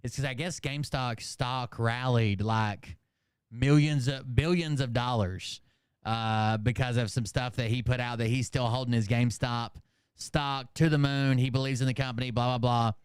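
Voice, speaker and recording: Mocking man with a crisp, dry voice. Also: medium pitch, fairly even intonation, moderate pace, no echo. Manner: mocking, profane. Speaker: commentary channel host. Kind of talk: reaction commentary.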